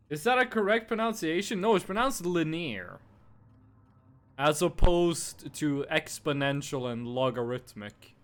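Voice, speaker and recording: Give me a young male streamer, unhurried and playful, chatting with viewers as he plays. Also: medium pitch, fairly bright tone. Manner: playful, teasing, answers chat while playing. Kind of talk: casual live game stream chat.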